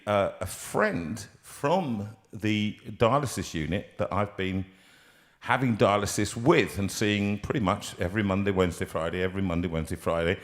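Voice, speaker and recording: A man's voice: on the low side, a bit bright. A man in his sixties hosting a casual live show from his home studio, jokey and rambling, with lots of ums and restarts. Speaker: host.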